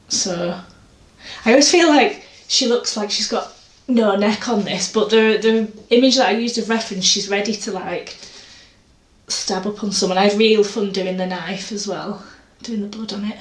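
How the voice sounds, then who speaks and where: A woman chatting casually about her art, rambling and self-deprecating. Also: medium pitch. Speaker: artist vlogger. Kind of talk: casual chat. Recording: echoey room, faint noise.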